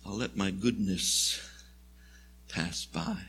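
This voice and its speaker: A man putting on the voice of a patient, reassuring deity in a sermon, speaking low and unhurried. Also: sharp tone, husky, heavily acted.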